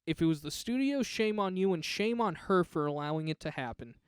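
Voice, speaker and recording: A man's voice: on the high side, fairly quick, clear, resonant tone, no room sound, studio quality. A man co-hosting a casual movie podcast, giving blunt, strongly held opinions. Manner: blunt, opinionated, animated when riled. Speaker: podcast co-host. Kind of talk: casual movie review chat.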